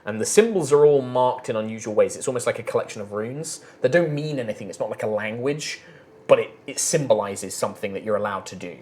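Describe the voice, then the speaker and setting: A man's voice: fairly low pitch, lively intonation, darkish tone. Man narrating as game master. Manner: descriptive, halting with fillers.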